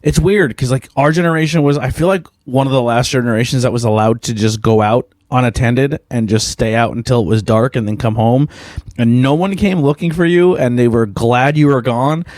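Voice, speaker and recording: A man's voice: mid-range voice, brisk, darkish tone, dry recording, studio quality. A man in his thirties hosting a podcast, rambling casually with lots of fillers and swearing. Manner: rambling, profane, laid-back, lots of fillers. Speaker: podcast host. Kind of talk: casual solo podcast chat.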